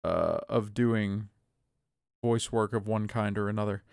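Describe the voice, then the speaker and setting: A man's voice: on the low side, measured pace, gravelly, a little mellow, dry recording, studio quality. A man in his thirties streaming a game live, chatting in a rambling way with his viewers between moves. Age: 30s. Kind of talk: live gameplay commentary.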